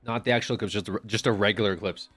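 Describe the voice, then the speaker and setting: A man's voice: fairly low pitch, fairly even intonation, very fast, a bit bright, breathy edge, dry recording, soft background music. Rambling, profane male streamer. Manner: rambling, profane, joking banter with chat. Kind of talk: casual live-stream chat.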